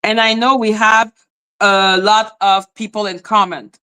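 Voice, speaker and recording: A woman with as her ranting bluntly on a live stream, swearing freely, dropping to flat mutters and jumping to high exclaims. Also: unhurried, clean tone. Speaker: livestream host. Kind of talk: casual live-stream rant.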